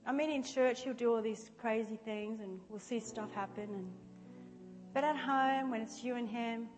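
A woman preaching an animated sermon that swings from shouting to soft, quiet speech. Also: on the high side, moderate pace, in a large hall, faint music behind. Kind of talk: lively sermon with acted-out prayers.

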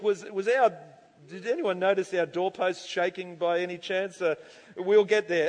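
High-voiced male pastor preaching. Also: normal speed. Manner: animated, acts out congregation reactions, laughs often. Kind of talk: sermon. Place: church hall. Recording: church hall reverb.

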